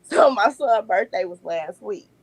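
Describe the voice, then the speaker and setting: A woman, a podcast guest telling lively family stories and laughing often. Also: medium pitch, a little slow, breathy edge, dry recording, poor audio. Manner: animated storyteller, laughs often. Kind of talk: casual podcast chat.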